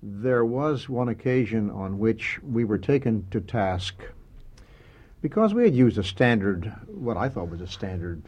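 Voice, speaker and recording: An older man with a husky voice tells stories from his working past in an interview. His pitch rises and falls, and he laughs often. He is a lively, animated storyteller. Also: measured pace, dull audio. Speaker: cartoon writer and producer, interview guest.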